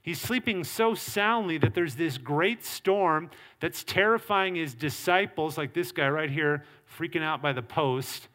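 A man's voice: fairly high pitch, a little slow, hardly any pauses, sharp tone. A middle-aged male pastor preaching a sermon, earnest and emphatic. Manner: earnest preaching with acted quotes and varied emphasis.

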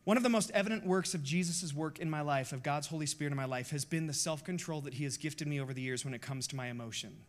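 A man's voice: on the high side, quick pace, few pauses. A pastor in his forties preaching a sermon in a passionate, confessional, emphatic way.

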